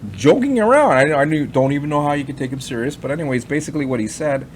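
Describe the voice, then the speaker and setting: A man's voice: fairly high pitch, expressive, quick pace, slight background noise. A man giving rambling, skeptical commentary in a casual chat, with fillers and many asides. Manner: skeptical, mocking tone. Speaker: crypto commentary vlogger.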